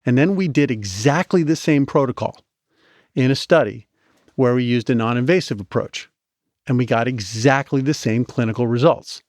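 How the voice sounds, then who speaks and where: Male guest, animated storyteller, restarts a lot, mid pitch, dry close mic. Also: moderate pace, no room sound. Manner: animated, chatty, with many restarts. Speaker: guest, medical device inventor. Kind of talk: storytelling in a podcast interview.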